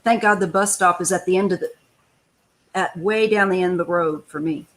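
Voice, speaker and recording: A woman's voice: lowish voice, a little fast, a bit bright, rough recording. A woman hosting a live tarot stream, chatting casually and giving emphatic advice. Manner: chatty, emphatic, complaining asides. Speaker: tarot reader host.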